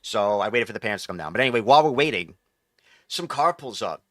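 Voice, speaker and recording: A man's voice: lowish voice, lively intonation, quick pace, no echo, studio quality. A man hosting a live stream, telling a story in a casual, profane, exasperated ramble full of restarts. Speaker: livestream host.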